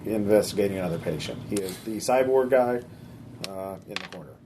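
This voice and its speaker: A man running a tabletop game as game master, describing scenes in a relaxed way with many filler sounds. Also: on the low side, fairly quick, noisy background.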